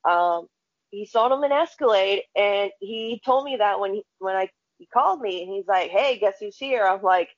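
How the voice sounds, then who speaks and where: A woman's voice: mid-range voice, lively intonation, normal speed. Blunt, profane woman telling stories. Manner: blunt, profane storytelling with quoted dialogue. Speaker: podcast co-host. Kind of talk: casual chat. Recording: dull lo-fi sound.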